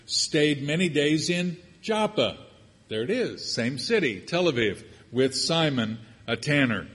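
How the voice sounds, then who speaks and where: A man's voice: medium pitch, fairly bright tone, breathy edge. An older man preaching a sermon, with joking, conversational asides as he teaches from scripture. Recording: long hall reverb.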